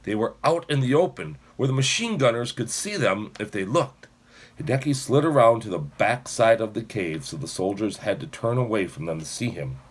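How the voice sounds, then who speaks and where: A man's voice: on the low side, lively intonation, normal speed, slightly rough. A man narrating an audiobook expressively, shifting his voice for each character.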